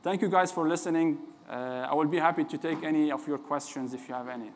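A man presenting his startup's plans in a casual, upbeat pitch. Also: quick pace, a little hiss or hum. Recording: long hall reverb.

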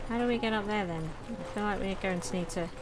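A woman's voice: mid-range voice, quick pace, over music. A woman hosting a let's play, chatting casually and thinking aloud as she plays, with frequent exclamations. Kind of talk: casual game commentary.

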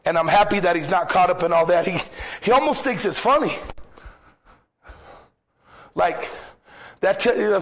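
A man's voice: high voice, normal speed, long pauses. A man preaching a sermon as pastor in a church, impassioned, firing rhetorical questions and acting out quoted voices.

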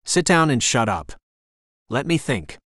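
A cold, scheming older woman killer, as a male narrator puts her on, sharp and bossy. Her lines move with a lively pitch in a dry, close recording. The audiobook tone stays taut and scornful. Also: a little slow, no room sound.

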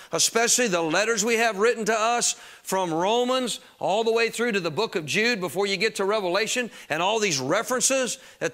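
A high, bright-voiced man preaching from the pulpit. He talks in a plain, conversational way to the congregation, then drives his points home with loud, emphatic bursts. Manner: emphatic preaching, rising to shouts on key phrases. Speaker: pastor. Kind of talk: sermon.

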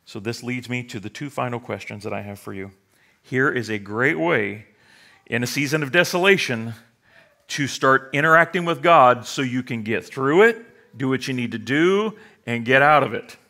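Bright-voiced joking male pastor. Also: medium pitch, animated, normal speed, vocal fry. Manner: humorous, sarcastic asides, acts out quoted voices. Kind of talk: sermon.

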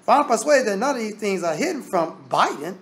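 A man's voice: high voice, sing-song, fairly quick. A man teaching a Bible study. He reads scripture aloud and explains it in plain, casual talk. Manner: casual Southern American grammar.

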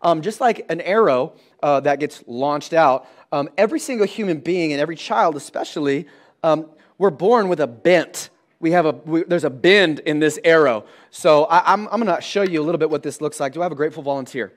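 A man in his thirties preaching a sermon in church, animated and comic as he acts out scenes with his kids. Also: fairly high pitch, fairly quick. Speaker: pastor.

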